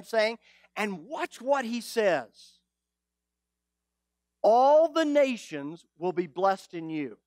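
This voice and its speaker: A male pastor preaching a sermon, animated and teasing, full of rhetorical questions. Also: extremely high pitch, no room sound, clean studio sound.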